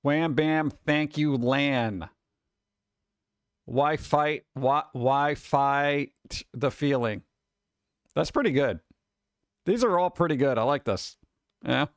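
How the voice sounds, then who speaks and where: A man's voice: on the high side, slow, pauses often, clear, resonant tone, no room sound. Sarcastic streamer man with a dry close sound. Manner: sarcastic, animated asides to viewers. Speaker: streamer reading news and memes. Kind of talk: casual live-stream chat.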